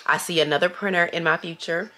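A woman vlogging casually to her camera at home, gushing and excitable, with lots of ums and likes. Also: on the low side, quick pace. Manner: gushing and excitable, with many fillers. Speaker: small business owner and vlogger.

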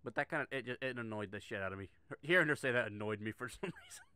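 A man's voice: mid-range voice, animated, very fast, pushed and bright, clean tone, dry recording. Sarcastic, profane middle-aged man. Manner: sarcastic, swears a lot, frequent restarts. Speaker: commentator reacting to a video. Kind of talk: profane casual reaction commentary.

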